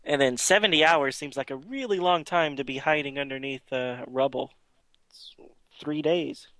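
A man talks casually on a podcast and retells a comic story in a rambling way, full of fillers and restarts. His voice is bright and forward, and it sounds dry and close. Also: mid-range voice, normal speed, no echo. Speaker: podcast co-host. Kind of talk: casual chat recapping a comic.

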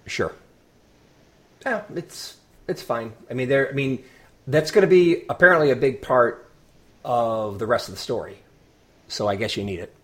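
A man co-hosting a podcast, chatting casually, opinionated and dry with deadpan asides, sometimes tripping over his words. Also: medium pitch, normal speed, pauses often. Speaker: podcast co-host. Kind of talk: casual chat.

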